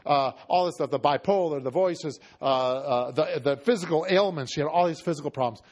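A man preaching, telling a story in a conversational way and acting out the dialogue, shifting between loud and hushed. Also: a little high, brisk. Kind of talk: storytelling sermon.

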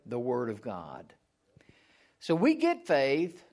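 A man's voice: huge pitch swings, slow pace, darkish tone. A man giving a sermon in a conversational way, asking the listeners questions and answering them himself, and now and then acting out a mock prayer. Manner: acts out mock prayers in a high strained voice. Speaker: preacher.

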